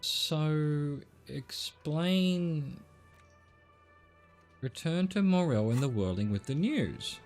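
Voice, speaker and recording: A man's voice: fairly high pitch, expressive, drawn-out words, darkish tone, faint music behind. A middle-aged man from Australia reading a narrative game aloud as a streamer, voicing its characters' lines and narration in his own voice with casual asides.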